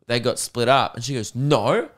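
The voice belongs to a man in his twenties with an Australian accent, smooth and mid-range, moving at normal speed. Hosting a podcast, he keeps things casual, telling relaxed stories that poke fun at himself.

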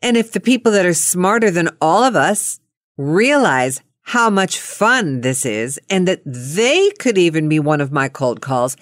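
Middle-aged woman podcast host, lower voice, dry close sound, chatty and teasing. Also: big pitch swings, a little slow, no echo. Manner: chatty, playful, self-conscious, laughs often. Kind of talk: casual cold-call podcast chat.

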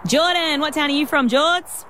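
A woman hosting a radio show from the studio, chatty and bubbly with quick laughs. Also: high-pitched, bright, forceful tone, slight background noise. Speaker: radio host. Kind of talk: casual radio chat. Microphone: studio mic.

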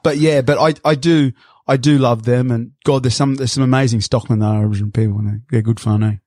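A man's voice: mid-range voice, fairly even intonation, quick pace, a little mellow, no room sound, clean studio sound. Laughing man spinning yarns. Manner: laughing, rambling storyteller. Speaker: podcast guest. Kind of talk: casual interview chat.

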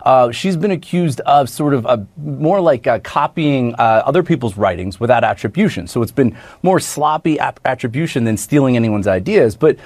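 Measured male news commentator. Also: mid-range voice, animated, a little mellow, dry recording. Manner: careful, hedging explanation.

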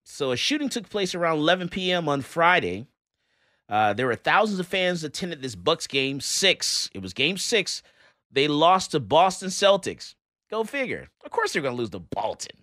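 On a studio microphone, a male talk radio host holds forth and cracks jokes at a moderate pace, emphatic and frequently laughing. The bright, forceful voice jumps wildly in pitch, and the dry recording sounds close.

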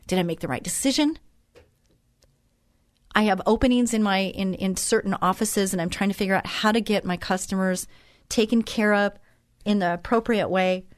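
A woman's voice: mid-range voice, no echo, clean studio sound. Earnest, heartfelt woman talk show host. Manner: earnest and heartfelt, openly emotional. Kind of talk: inspirational faith talk monologue.

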